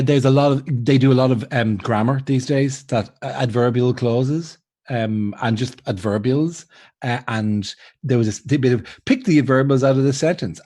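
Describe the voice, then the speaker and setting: A man's voice: mid-range voice, darkish tone, no echo. A man telling stories in an easy, rambling way, often laughing at himself and stopping to restart his sentences. His voice sits in a middle register and sounds dry and close, with no room around it. Laid-back chat over a video call. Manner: rambling, self-mocking storytelling with frequent laughs and restarts. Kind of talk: casual chat on a charity livestream.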